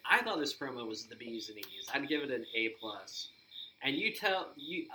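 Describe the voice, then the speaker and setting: A man co-hosting a podcast, excitedly recapping events and acting out quoted lines in casual chat. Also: mid-range voice, slight background noise, poor audio. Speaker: podcast co-host.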